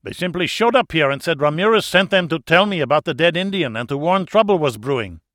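A man's voice: fairly high pitch, expressive, a little fast, a bit bright, no room sound, studio quality, voice pushed up. Man doing a panicked, pleading Dutchman. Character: terrified, sweating, pudgy Dutch man.

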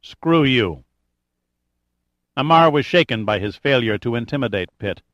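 A man reads a thriller audiobook aloud in a steady, measured way. His voice sits at a middle pitch. The recording is dry and close, with no room sound. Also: dry recording, highs cut off. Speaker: audiobook narrator. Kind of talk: scripted narration of a thriller.

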